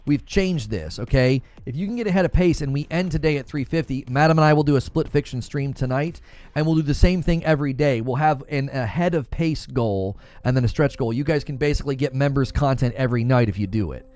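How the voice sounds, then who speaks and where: Male streamer, casual live chat, animated delivery, mid-range voice, faint background music. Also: medium pitch, a little fast, no echo. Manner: animated, talks straight to chat. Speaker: gaming news streamer.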